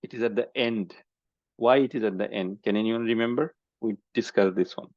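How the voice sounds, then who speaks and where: A man's voice: fairly low pitch, brisk, darkish tone, no echo. A man teaching a Quranic Arabic class online, explaining patiently and checking in with "okay?" often. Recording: dry, dull lo-fi audio.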